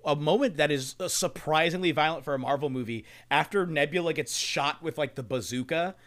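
A man's voice: a little high, brisk, a bit bright. A man in casual podcast chat about a film, talking loosely with lots of "like" and laughter. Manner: chatty, laughing, hedging with "like". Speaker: podcast co-host. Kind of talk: casual movie discussion.

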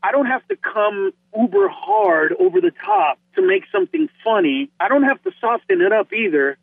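A man from Honduras talks with lively, excitable energy, tripping over his first words as he builds up steam. His voice sits very high and gravelly. The sound is dry and squeezed down like a phone call. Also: dry recording. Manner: animated, excitable, repeats words when starting. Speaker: comedian guest. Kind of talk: podcast interview chat.

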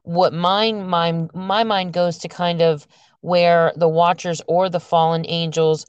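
A woman's voice: fairly low pitch, level tone, slow pace, clear, resonant tone, no echo, highs cut off. A woman hosting a casual chat, asking curious questions and agreeing along.

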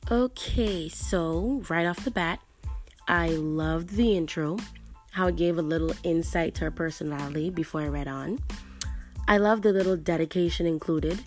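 A woman reading a dramatic story aloud in a hushed, sometimes breathy voice, and later chatting casually about the book. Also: on the low side, moderate pace, soft background music. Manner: hushed, at times breathy narration. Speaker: reader and book reviewer.

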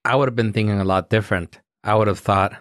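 Deep-voiced deadpan man co-host. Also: quick pace, no room sound, studio quality. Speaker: podcast co-host. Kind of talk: casual true-crime chat.

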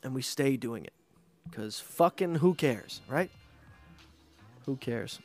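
A man hosting a podcast, ranting in a casual, profane, animated way and mocking others with put-on voices. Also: mid-range voice, slow pace, no echo, soft background music. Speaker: podcast host. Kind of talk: casual rant.

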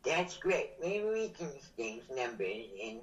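A man calling in to a podcast, speaking in a hesitant, halting, awkward way. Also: mid-range voice, very animated, a crowd in the background. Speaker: caller. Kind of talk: casual chat.

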